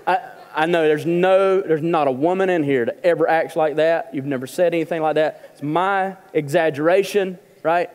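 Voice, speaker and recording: A man's voice: fairly high pitch, normal speed, few pauses, a little mellow, smooth, big-room sound. A male pastor preaching a humorous, conversational sermon in a church. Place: church auditorium.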